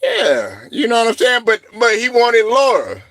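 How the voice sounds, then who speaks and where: A man hosting a casual live stream, rambling and laughing often, breaking into loud shouted reactions. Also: very high-pitched, huge pitch swings, normal speed, dry recording, studio quality. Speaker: show host.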